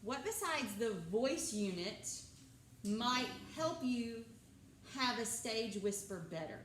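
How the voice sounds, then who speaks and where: A woman's voice: fairly high pitch, lively intonation, slow, a bit bright, slight background noise. A drama teacher leading a class, quizzing her students and repeating their answers. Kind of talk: classroom lecture with questions to students. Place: school classroom, indoors. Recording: echoey classroom picked up from a distance.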